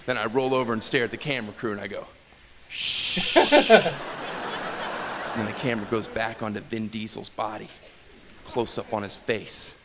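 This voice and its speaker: A man doing a stand-up routine, telling a story with animated delivery and acting out characters' voices. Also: on the low side, normal speed, pauses often. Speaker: stand-up comedian. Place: comedy stage. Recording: echoey noisy live stage recording.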